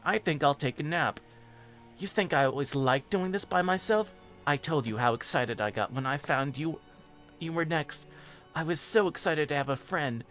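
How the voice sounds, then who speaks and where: A man's voice: medium pitch, fairly bright tone, pitched above the performer's own voice, natural voice. Pinkie Pie, as a man puts her on, sing-song and sadistic. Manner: whiny, scolding, sing-song. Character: petulant sadistic female pink pony. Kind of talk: dramatic reading of fan fiction.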